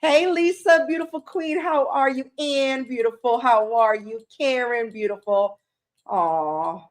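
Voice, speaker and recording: A woman's voice: fairly high pitch, a little slow. Emotional woman hosting a tarot livestream. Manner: emotional, greets chat viewers warmly by name. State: tearful, emotional. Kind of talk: casual livestream chat. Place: her room at home.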